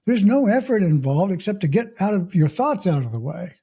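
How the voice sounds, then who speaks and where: Calm, husky-voiced man coaching mindfully. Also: sits high. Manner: calm, unhurried, gently clears throat often. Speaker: mindfulness coach and podcast host. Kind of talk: reflective podcast monologue with a story.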